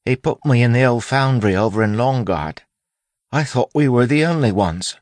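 A man doing a squeaky, nervous young recruit. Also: lively intonation, moderate pace, darkish tone, dry recording, natural voice. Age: young adult.

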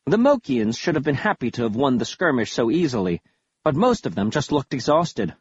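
A man reading a first-person audiobook with a wry, dramatic, lively delivery. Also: mid-range voice, a little fast, husky, no room sound. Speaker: audiobook narrator. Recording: dull lo-fi audio.

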